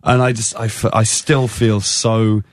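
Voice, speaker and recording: A man's voice: on the low side, little pitch movement, a little slow, dry recording. An English man guest on a chat show, telling a sheepish, rambling story. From England. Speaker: musician guest. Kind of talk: casual chat.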